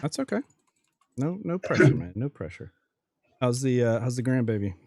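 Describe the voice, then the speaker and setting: A man's voice: medium pitch, sing-song, moderate pace, a little mellow, no echo, studio quality. A man from Western Pennsylvania with a Western Pennsylvania accent, hosting a casual livestream chat and greeting viewers by name. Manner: chatty, laughs easily, greets chat by name. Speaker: livestream host.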